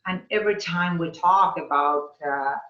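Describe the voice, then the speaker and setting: A woman speaking as a guest on a video call, reflective and musing with hesitant pauses. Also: lowish voice, bright, forceful tone, roomy sound, muffled recording. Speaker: interview guest.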